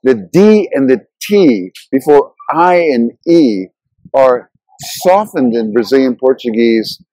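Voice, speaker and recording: A man hosting a language channel, narrating a scripted lesson in an explanatory way and slowing down to sound out example words. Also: medium pitch, lively intonation, dark tone, no room sound, rough recording.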